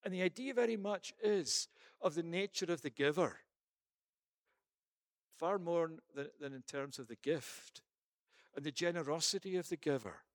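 A man's voice: fairly high pitch, normal speed, pauses often, no echo, studio quality. A man preaching a sermon and then leading a prayer, emphatic, with rhetorical questions and repeated phrases.

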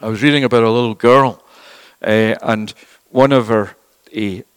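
A man's voice: mid-range voice, fairly even intonation, normal speed, clear, resonant tone, dry recording, low-quality recording. A man preaching a sermon earnestly and emphatically, asking his listeners questions and often repeating and restarting phrases.

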